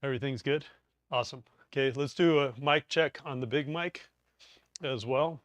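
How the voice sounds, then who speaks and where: A man's voice: medium pitch, moderate pace, fairly bright tone, dry recording. A man giving a live class presentation on preparedness, chatty and joking, with rambling asides. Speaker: preparedness course instructor. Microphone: lapel mic.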